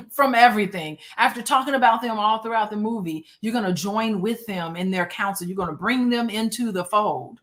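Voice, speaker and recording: A woman's voice: medium pitch, moderate pace, a bit bright. A woman hosting a casual conversation, telling her points in an emphatic, chatty way. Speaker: host.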